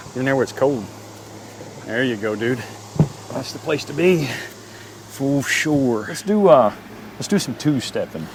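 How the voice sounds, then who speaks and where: Oklahoma guy, middle-aged, rambling camp vlog at his truck, talks to his dog, faint bug noise behind. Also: medium pitch. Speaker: camping vlogger. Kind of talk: casual camping vlog. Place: in and around a truck at a campsite.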